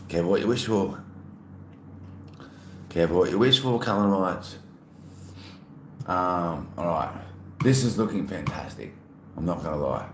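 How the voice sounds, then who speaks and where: A low-pitched man chats casually with his stream audience, playful and easygoing. His voice rings with a roomy echo. A faint hum of ambient noise sits underneath. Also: lively intonation, measured pace, long pauses. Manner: chatty, reads chat aloud, playful. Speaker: livestreamer. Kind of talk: casual live-stream chat.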